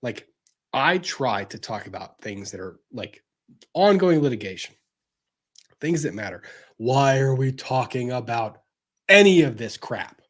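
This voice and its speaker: Husky guy ranting and cussing, gets loud then drops way down low. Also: big pitch swings, a little slow. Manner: swearing rant, swinging from loud outbursts to low intensity. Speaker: show host. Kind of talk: ranting commentary.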